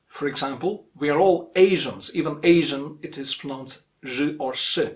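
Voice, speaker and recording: A young man from India teaching English pronunciation, explaining patiently and repeating each word slowly several times. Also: on the high side. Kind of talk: instructional explanation.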